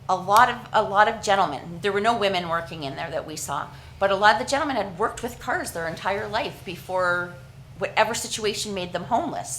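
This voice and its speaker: A woman from Canada giving an earnest, halting presentation at a council meeting, with frequent restarts and fillers. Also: medium pitch, a bit bright, a little hiss or hum, rough recording.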